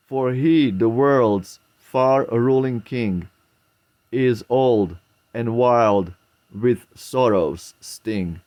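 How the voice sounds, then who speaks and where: A man reading the lines of a gentle, dutiful young prince in slow, archaic verse. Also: mid-range voice. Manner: measured, archaic verse cadence.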